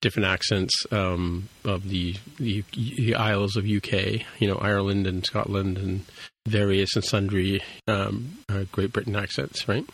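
Man, podcast co-host, casual chat, lower pitch, rambling. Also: level tone, unhurried, few pauses, breathy edge. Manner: rambling, many restarts and fillers.

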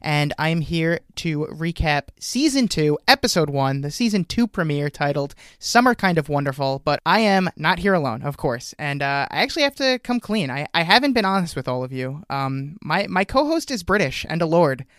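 Halting male podcast host, dry sound. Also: a little high, sing-song, fairly bright tone, clean tone, no room sound. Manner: hesitant, many fillers and restarts. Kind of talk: casual podcast chat.

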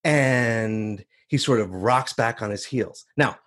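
A man telling a first-person story on stage, animated and acting out the voices of others. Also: medium pitch, slow. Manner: animated, acts out voices in quotes.

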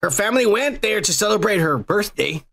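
A man's voice: sits high, expressive, fairly quick, creaky, fairly bright tone. A young man hosting a podcast, joking and rambling with lots of profanity. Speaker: podcast host. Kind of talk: casual crude podcast banter.

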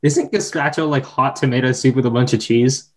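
A man's voice: medium pitch, steady tone, brisk. A man in his late teens talking casually and laughing easily in a group chat.

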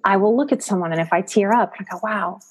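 Fast and slightly rough, her medium-pitched voice has a darkish tone. She's a psychotherapist and life coach being interviewed on a podcast, speaking with expressive emphasis and repeating words to stress her points.

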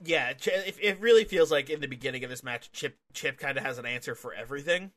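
A man's voice: medium pitch, fast. A young man co-hosting a podcast, casually reviewing a wrestling match, laughing often and acting out the wrestlers. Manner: laughs often, acts out wrestlers in animated bursts. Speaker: podcast co-host.

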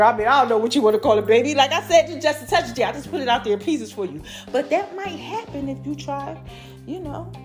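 A woman hosting her own podcast, giving a casual, lively update to her followers and calling them y'all and baby. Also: a little high. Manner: lively, chatty, calls listeners y'all and baby. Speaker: podcast host.

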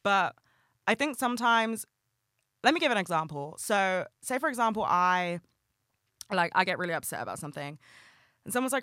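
Bright, excitable young podcast host. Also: medium pitch, normal speed, clear, resonant tone, no room sound, studio quality. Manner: rambling and heartfelt, frequent "like" and swearing; animated, bursts of excitement. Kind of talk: casual solo podcast monologue.

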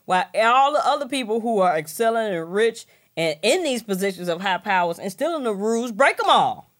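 A woman's voice: medium pitch, brisk. A young adult woman co-hosting a podcast, ranting in profane, laughing casual chat. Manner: profane, animated, laughing through rants. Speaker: podcast co-host.

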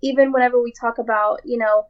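A woman's voice: on the high side, steady tone, fast talker, clean tone, muffled recording. A woman in casual conversation, making an earnest point with long lists of examples. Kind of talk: casual chat.

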